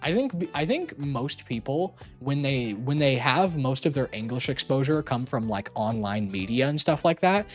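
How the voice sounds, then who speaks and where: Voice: mid-range voice, animated, normal speed, hardly any pauses, soft background music. A streamer chatting casually on a call, rambling and teasing playfully with lots of filler words.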